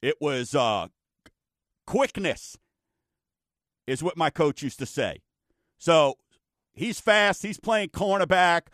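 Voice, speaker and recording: A man hosts a casual radio talk show, spinning folksy stories in a chatty way. His voice sits fairly high for a man, and the recording is dry and close. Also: animated, slow pace, pauses often, fairly bright tone, dry recording. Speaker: radio show host, mortgage lender.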